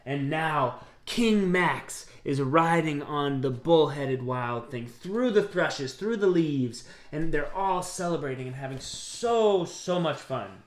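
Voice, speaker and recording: A man reading a picture book aloud, gently pausing to ask his listeners questions. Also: a little high, animated. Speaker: storybook reader. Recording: roomy echo.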